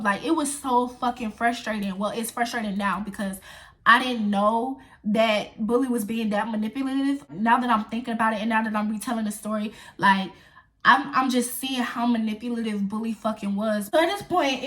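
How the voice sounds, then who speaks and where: Animated young woman telling a story. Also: on the high side, slight background noise. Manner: animated, profane, addresses viewers as y'all. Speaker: vlogger. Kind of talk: casual storytime.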